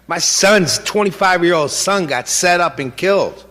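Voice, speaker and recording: A man's voice: high-pitched, lively intonation, moderate pace, fairly bright tone. A middle-aged man giving an impassioned public speech as a grieving father, blunt and emotional, full of rhetorical questions. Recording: long hall reverb.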